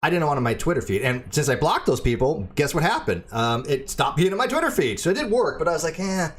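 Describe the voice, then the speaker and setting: A man hosting a casual livestream, talking in a rambling, halting way with lots of ums and repeated words. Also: a little high, big pitch swings. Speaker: channel host; debate show moderator.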